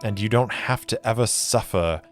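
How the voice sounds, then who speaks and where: A man's voice: lowish voice, moderate pace, faint music behind, pitched above the performer's own voice, natural voice. A man voicing a stern, resolute warrior-agent who speaks firmly and intimidates. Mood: persuasive.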